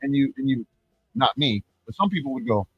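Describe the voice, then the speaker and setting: A man's voice: mid-range voice, animated, brisk, slightly rough, no echo, muffled recording. Profane ranting streamer man. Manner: profane, rambling, mocking; repeats and restarts words. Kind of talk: ranting live-stream commentary.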